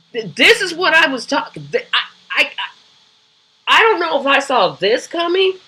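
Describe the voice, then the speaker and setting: Woman host, bright and somewhat high-pitched, conversational live-stream commentator who asks "right?" often. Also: husky, low-quality recording. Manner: conversational and opinionated, with frequent ums and rhetorical "right?". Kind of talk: casual political commentary.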